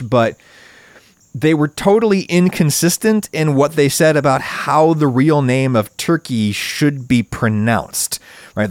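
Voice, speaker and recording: A man's voice: dry recording, clean studio sound. A man hosting a solo video essay, giving opinionated commentary in a wry, emphatic way and leaning hard on stressed words. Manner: wry, emphatic, wide swings in pitch for stress.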